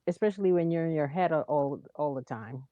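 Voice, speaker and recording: A woman with a very low, mellow voice adds short comments to a TV recap podcast. Her mic sounds dull and lo-fi. The room is dry. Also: fairly quick, no echo. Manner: chimes in with brief agreement and comments. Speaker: podcast co-host. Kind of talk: casual recap chat.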